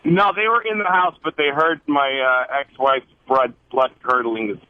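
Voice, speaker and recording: A male comedian calling into a talk radio show, telling dark jokes in a deadpan way over a phone line. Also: medium pitch, a little slow, no room sound. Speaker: comedian guest.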